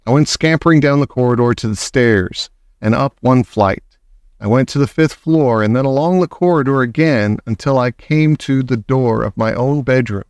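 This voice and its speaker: Male audiobook narrator, measured, expressive, middle pitch, dry close sound. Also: clean tone, dry recording. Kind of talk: storybook reading.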